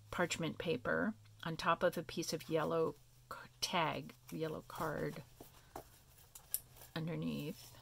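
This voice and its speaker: A woman casually showing her handmade paper crafts, talking softly and meandering as she thinks aloud. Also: sits low, creaky, breathy edge. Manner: soft, meandering, thinking aloud with many fillers. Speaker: craft vlogger. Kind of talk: casual crafting show-and-tell.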